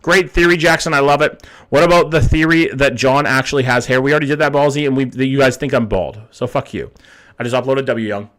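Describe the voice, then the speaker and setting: A man's voice: medium pitch, fairly even intonation, fast talker, fairly bright tone. A young man hosting a live stream, chatting casually with viewers, reading chat aloud and swearing often. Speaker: livestream host reading chat.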